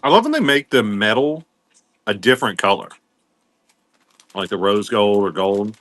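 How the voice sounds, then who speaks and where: Male live-sale host, low voice, easygoing patter greeting viewers, dry close sound. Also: lively intonation, normal speed, fairly bright tone, no room sound. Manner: welcomes viewers by name while listing items. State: coughing now and then. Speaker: livestream seller host.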